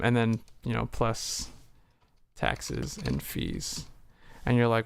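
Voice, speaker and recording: A man's voice: mid-range voice, unhurried, gravelly, clean tone, dry recording. A man streaming from home, chatting casually with lots of fillers and some swearing, acting out both sides of a conversation as he tells it, with keyboard clicks behind him. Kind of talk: casual livestream chat.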